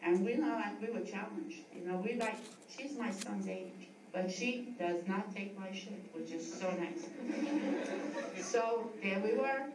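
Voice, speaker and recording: Middle-aged East Coast woman, yoga founder giving a rambling tribute speech, mid-pitched voice, picked up from afar in a noisy, echoey hall. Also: measured pace. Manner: rambling, with frequent restarts. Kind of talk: heartfelt speech to an audience. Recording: echoey room, distant mic, noisy.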